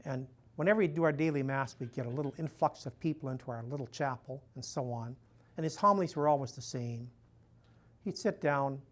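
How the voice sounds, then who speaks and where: This is an older priest with a mid-range voice, talking folksily before a live audience. He chuckles at his own humor and keeps dropping in "you know" and "and so on."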